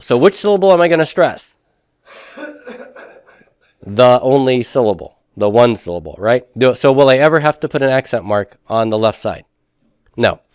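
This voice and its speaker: A man's voice: mid-range voice, darkish tone, clear, resonant tone, no echo, studio quality. A man teaching a Hebrew grammar class, patiently asking students questions and confirming their answers.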